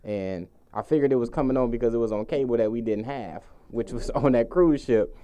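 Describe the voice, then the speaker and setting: A man's voice: mid-range voice, fairly quick, dark tone. A man talking as a guest on an interview show, telling his story in a laid-back, joking way. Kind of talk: casual conversation.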